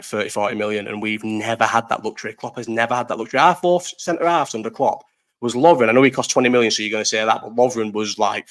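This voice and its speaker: A young man hosting a live chat, ranting casually about football, sweary and rambling, answering people in the chat. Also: lowish voice. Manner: animated, sweary, rambling, talks to chat readers.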